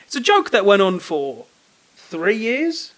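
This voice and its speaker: Man, podcast co-host, casual chat, rambling, lightly high voice. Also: wildly swooping pitch, takes it slowly, a bit bright. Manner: laughing storyteller, rambling with restarts.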